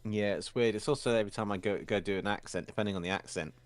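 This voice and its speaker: A low-pitched man talks casually as he hosts a drawing stream. He rambles in a relaxed, self-deprecating way. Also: quick pace. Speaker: streamer, host of an art stream. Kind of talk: casual chat while drawing.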